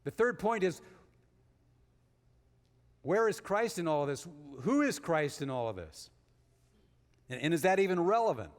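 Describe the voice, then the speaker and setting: A high-voiced man gives a sermon as a guest speaker in a church sanctuary whose large hall produces long reverb. His pitch swings widely, his pace is measured with long pauses, and he shifts from emphatic rises to hushed storytelling.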